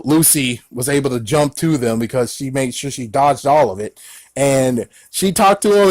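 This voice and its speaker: A man giving a casual movie recap as a reviewer, excitable and rambling, breaking into exclamations as he talks. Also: a little high, dry recording.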